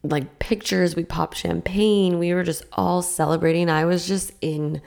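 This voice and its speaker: A young woman hosting a podcast, excitedly telling a personal story in a casual, gushing way with lots of fillers. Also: fairly low pitch, a little slow, creaky. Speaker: podcast host.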